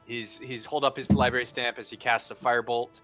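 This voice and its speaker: Bright-voiced man describing his game character. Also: medium pitch, flat delivery, a little fast, soft background music. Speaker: player. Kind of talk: casual tabletop game chat.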